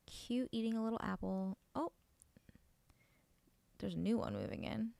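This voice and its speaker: Gravelly-voiced woman gushing over a game. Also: a little high, normal speed, long pauses. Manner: chatty and gushing, often dropping to a soft near-whisper. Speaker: streamer playing a video game. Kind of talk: casual let's-play chat.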